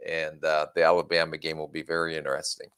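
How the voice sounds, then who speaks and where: A man co-hosting a sports podcast, answering in a plain, measured way with short verdicts. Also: very deep voice, completely flat delivery, fairly bright tone, clear, resonant tone, dry recording. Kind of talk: casual sports podcast chat.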